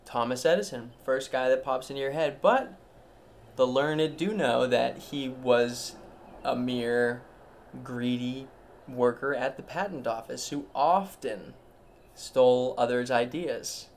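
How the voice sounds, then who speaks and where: Slow gravelly man rambling on a podcast. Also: mid-range voice. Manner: meandering, self-interrupting, mock-grand. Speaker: podcast host. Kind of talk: rambling solo podcast monologue.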